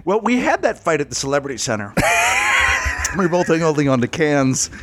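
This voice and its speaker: A man co-hosting a loose comedy chat, spinning stories full of profanity and bursts of laughter. His voice sits a touch high and swings widely in pitch, rising and falling with every punchline. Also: fairly quick, a little hiss or hum. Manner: profane, animated storytelling with frequent laughs. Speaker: podcast co-host.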